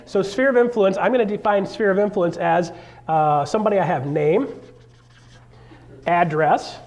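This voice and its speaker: A man's voice: high voice, normal speed, darkish tone. A middle-aged man coaching a live seminar, joking and acting out the voices of clients as he goes. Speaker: real estate coach.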